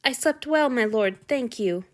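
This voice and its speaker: A woman's voice: on the high side, lively intonation, measured pace, voice pushed up. A woman voicing a timid, polite young male servant in a fan fiction reading, speaking hesitantly and apologetically.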